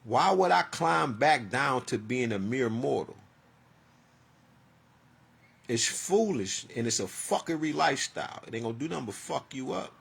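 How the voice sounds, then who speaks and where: A man's voice: medium pitch, expressive, moderate pace, vocal fry, hardly any pauses, a bit bright, slightly rough. A man in his forties talking in a rambling, profane, heartfelt personal monologue. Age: 40s.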